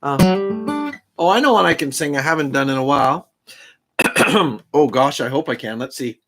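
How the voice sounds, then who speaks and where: A middle-aged man chatting casually between songs on a live stream, self-deprecating and often clearing his throat, his voice catching a little from strain. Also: medium pitch, moderate pace, fairly bright tone. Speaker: singer-songwriter streaming live. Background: his own guitar.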